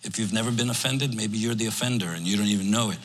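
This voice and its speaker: A man preaching a sermon in a church, animated and emphatic, acting out what his listeners might say. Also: on the low side, quick pace, slight background noise. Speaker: pastor. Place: church sanctuary. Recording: long reverb of a church hall.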